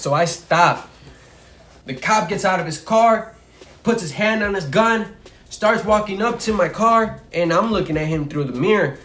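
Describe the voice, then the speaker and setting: A man's voice: fairly high pitch, moderate pace, slight background noise. A young man from Chicago telling a story casually in a vlog, with many fillers. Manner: casual, filler-heavy, animated retelling.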